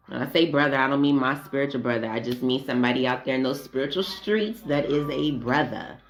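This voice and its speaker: A woman vlogging in a blunt, profane, casual monologue that wanders off on tangents. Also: rumbling low.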